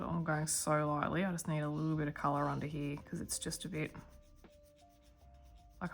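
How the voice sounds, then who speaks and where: Low-voiced woman chatting while coloring. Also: creaky. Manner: chatty, mumbling self-talk while working. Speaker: coloring tutorial host. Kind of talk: guided step-by-step coloring tutorial.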